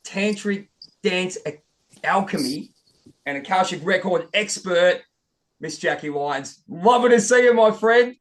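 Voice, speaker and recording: A man hosting a casual spiritual podcast over a video call, excitable and calling everyone mate. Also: sits high. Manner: excitable, keeps saying "mate". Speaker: podcast host.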